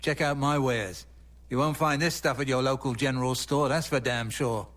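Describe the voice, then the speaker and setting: An actor voicing a boastful male merchant in a video game, pitching his goods. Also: steady tone, normal speed, a bit bright, lightly acted. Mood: salesy. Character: gruff male merchant hawking wares.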